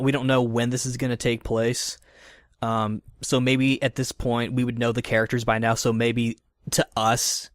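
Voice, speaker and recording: A man's voice: mid-range voice, dry recording, clean studio sound. A man hosting a casual podcast discussion, thoughtful and hedging, with many fillers and restarts. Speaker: podcast host.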